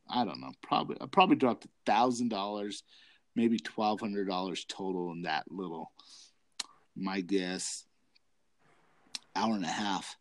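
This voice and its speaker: Low-voiced man telling a rowdy story. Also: lively intonation, moderate pace, dry recording. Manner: rambling, profane, laughs often. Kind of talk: casual chat.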